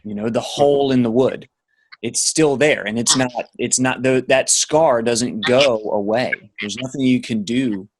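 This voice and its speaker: A man's voice: mid-range voice, a little hiss or hum. A man and father talking thoughtfully on a podcast, hesitant and reflective. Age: adult parent. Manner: thoughtful, halting, many fillers and restarts. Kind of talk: casual podcast chat.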